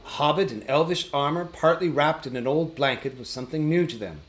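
Guy reading a fantasy book aloud, steady even narration. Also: a little high, brisk, few pauses, roomy sound, low-quality recording. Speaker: audiobook reader. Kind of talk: storybook narration.

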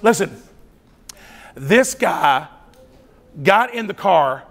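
A man's voice: high voice, a little slow, creaky, long pauses. A middle-aged man telling a story as a youth conference preacher, acting out the voices as he goes. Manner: animated storytelling, acts out voices. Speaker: youth speaker. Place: large church hall. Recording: reverberant hall.

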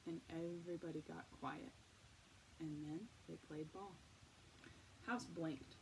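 A woman narrating a novel in a calm, measured storytelling voice. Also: sits low, vocal fry. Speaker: audiobook narrator. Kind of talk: scripted narration. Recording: distant mic, faint noise.

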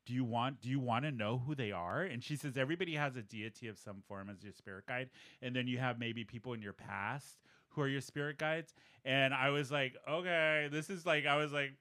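A man's voice: medium pitch, a little fast, bright, forceful tone. A man co-hosting a podcast, animatedly retelling a story and acting out the quoted dialogue in a casual chat. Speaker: podcast co-host.

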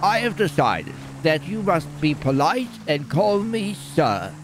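A man's voice: on the high side, wildly swooping pitch, a little slow, background noise. A man streaming a role-play as a pampered, bossy rich character, talking haughtily and laughing often.

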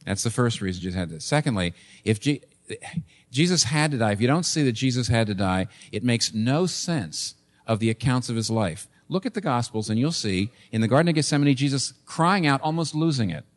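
Man in his sixties, church pastor mid-sermon, earnest, hammers points home by repeating them, mid-pitched voice. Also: lively intonation, a little fast. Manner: earnest, building to emphatic repetition.

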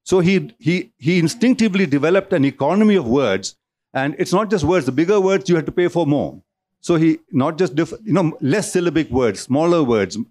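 A man's voice: a little high, lively intonation, a little fast, darkish tone. A man giving a public lecture in a hall, discursive, often restarting and repeating words as he goes. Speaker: speaker at a cultural centre talk.

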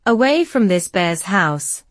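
A woman's voice: medium pitch, very animated, takes it slowly, no room sound, clean studio sound. A woman voicing a frightened little girl in a storybook reading, sobbing and pleading.

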